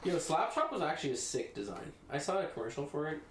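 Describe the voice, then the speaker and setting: Joking man, slightly high voice, echoey room. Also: very animated, fast. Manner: joking banter, swears casually. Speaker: podcast co-host. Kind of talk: casual chat. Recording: echoey room, faint noise.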